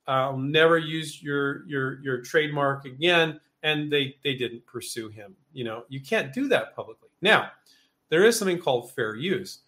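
A man's voice: on the high side, fairly bright tone. Chatty man hosting a live Q&A. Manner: loose and chatty, acts out quotes, many fillers. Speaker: host answering viewer questions. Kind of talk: casual live Q&A.

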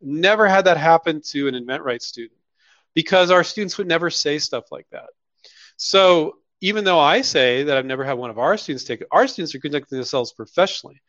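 A man's voice: fairly high pitch, expressive, a little fast, fairly bright tone, dry recording, highs cut off. Blunt, chatty man answering questions. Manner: blunt, mock-quoting others in put-on voices. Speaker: host answering viewer questions. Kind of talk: casual live Q&A.

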